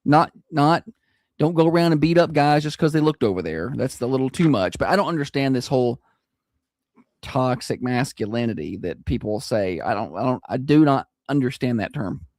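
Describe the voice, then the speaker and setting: Teasing man radio host, lively pitch. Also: moderate pace, dry recording. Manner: teasing, dry joking. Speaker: radio morning show host. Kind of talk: casual on-air banter.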